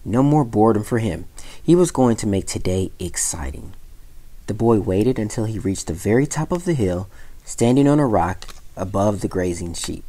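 A man who directs a community center, reading a children's story aloud in a lively storyteller manner. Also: lowish voice, normal speed. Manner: lively storyteller with sound-effect voices.

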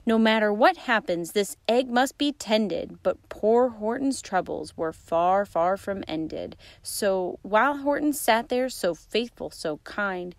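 A woman reading a rhyming picture book aloud in a lively storyteller manner. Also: a little high, measured pace, no echo. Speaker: insurance agent reading aloud.

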